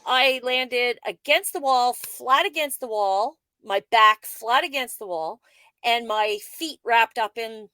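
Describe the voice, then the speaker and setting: Chatty woman podcast host, kinda high voice, dry close sound, laughs a lot. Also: slow pace, dry recording. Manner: animated storyteller, laughs often. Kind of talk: casual conversation, storytelling.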